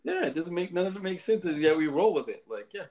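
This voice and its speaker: A man's voice: high voice, animated, quick pace, darkish tone. Rambling man in casual chat. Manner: rambling, joking asides. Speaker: podcast co-host.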